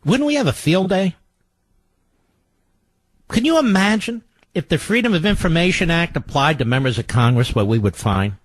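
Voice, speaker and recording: An older man hosts a radio talk show, delivering a sarcastic political monologue that swings theatrically between loud, mocking jabs and low mutters. His intonation is lively, his speed normal, he pauses often, and there's no room sound.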